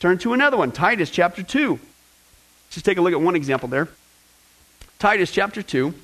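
A male pastor preaching a lively sermon, joking and talking straight to his congregation. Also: sits high, brisk, poor audio. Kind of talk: sermon with fill-in-the-blank notes.

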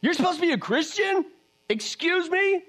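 A man with a strikingly high voice delivers a fiery sermon. He scolds his listeners with rapid rhetorical questions. Now and then his voice sinks to a near murmur. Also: expressive, a bit bright. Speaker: preacher.

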